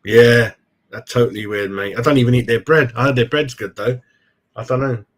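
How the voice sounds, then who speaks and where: Speaking in a mid-range voice with fairly even intonation and a slightly fast pace, a middle-aged man runs a live fan stream. He's chatty and casual, and "mate" comes up constantly as he addresses everyone.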